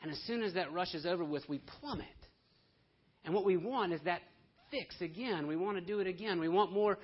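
Passionate man preaching, voice a bit high; muffled lo-fi sermon recording. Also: brisk, husky. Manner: impassioned, swinging between soft hushed lines and loud emphatic ones. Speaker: pastor. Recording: dull lo-fi sermon audio.

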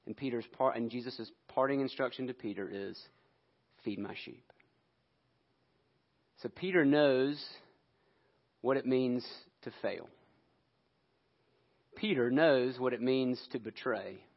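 A man's voice: mid-range voice, unhurried, lo-fi sound. Man preaching a storytelling sermon. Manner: animated storytelling, acting out quotes.

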